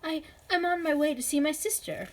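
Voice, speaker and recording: A woman's voice: sits high, fairly quick, slight background noise, voice pushed up, natural voice. A woman voicing a timid, anxious young woman who stammers in breathless bursts. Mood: flustered.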